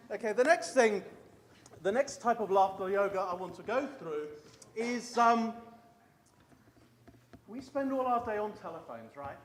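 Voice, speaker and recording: A man giving a conference keynote, loudly and playfully coaxing the audience through a laughter exercise. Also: high voice, slight background noise. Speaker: keynote speaker. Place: conference hall.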